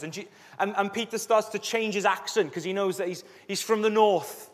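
A man preaching a sermon as a pastor, telling Bible stories in a lively way and acting out the scenes. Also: sits high, fairly quick, hardly any pauses. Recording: echoey hall reverb.

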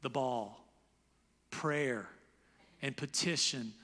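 Lively pastor guy preaching, bright voice, echoey big church. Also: mid-range voice, very slow. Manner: animated, voices quoted characters loudly. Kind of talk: sermon.

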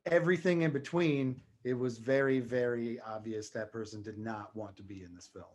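A man's voice: medium pitch, normal speed, slightly rough. A man co-hosting a podcast, wry and sardonic in casual chat.

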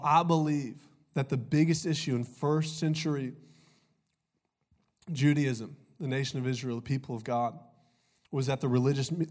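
A man's voice: medium pitch, a little mellow. A young man preaching a sermon, his voice a little off from a cold, chatty and joking with the congregation. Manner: conversational, jokey, says "y'all" often. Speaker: pastor.

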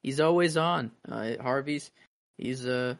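A man's voice: medium pitch, measured pace, creaky. A man hosting a casual podcast chat, rambling with many fillers and restarts. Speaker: podcast host.

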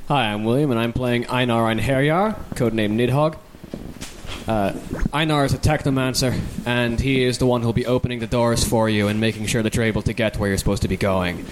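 A man introducing his tabletop character in a measured, fairly fluent way with a few fillers. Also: mid-range voice, background noise. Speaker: tabletop game player.

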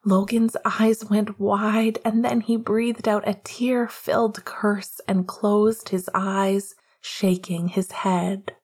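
A woman reading romance narration in a hushed, half-whispered voice. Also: mid-range voice, flat delivery, takes it slowly, hardly any pauses, breathy edge. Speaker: audiobook narrator.

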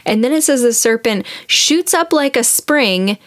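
Bright-voiced woman retelling a story. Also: on the high side, a little slow. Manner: animated storytelling with giggles. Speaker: podcast host retelling a book. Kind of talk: casual chat.

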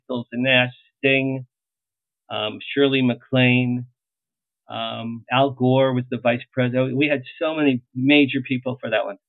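A middle-aged man tells animated stories in an interview, jumping into the voices of the people he quotes. His voice sits at an ordinary pitch. It comes through a thin, phone-like line with no room sound. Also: no room sound. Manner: animated anecdotes, acts out quoted lines. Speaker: publicist guest. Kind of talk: storytelling interview. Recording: tinny phone-like line, dry.

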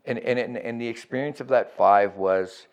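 A man's voice: medium pitch, normal speed, smooth, dull audio. A middle-aged man telling his recovery story as a guest, candid and profane, often checking in with "right?".

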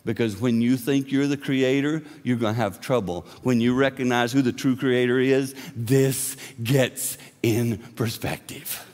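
A man preaching a sermon in an impassioned way, moving between booming lines and hushed asides. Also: steady tone, a little slow, hardly any pauses, big-room sound. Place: church sanctuary.

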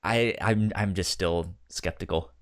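A man co-hosting a casual podcast chat, stumbling through restarts and fillers, with the hiccups. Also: low voice. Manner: halting, many restarts and fillers. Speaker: podcast co-host.

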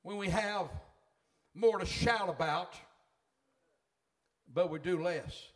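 A man's voice: high voice, slow pace. A middle-aged man preaching a sermon in a fervent, folksy way.

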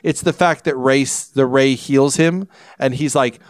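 A man's voice: medium pitch, fairly even intonation, unhurried, no echo, clean studio sound. A man hosting a casual film review podcast, rambling with many restarts. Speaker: podcast host.

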